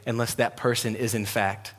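A man's voice: mid-range voice, level tone, normal speed, a bit bright. Man preaching in a reverberant hall. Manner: conversational and emphatic, retelling scripture. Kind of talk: sermon. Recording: long reverb of a large hall.

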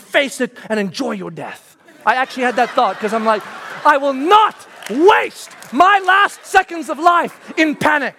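A man preaching a sermon, telling stories with sudden shouted outbursts and dropping to hushed, intense tones on serious points. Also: gravelly. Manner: animated storytelling, acting out his own panicked inner voice with sudden shouts; drops to a low, hushed intensity on solemn points. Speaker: pastor.

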